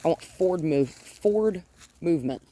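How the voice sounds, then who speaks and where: A woman dog trainer giving an outdoor training demonstration, calmly coaxing and praising a dog while plainly explaining each step. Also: lowish voice, moderate pace. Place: outdoors by her front yard and gate.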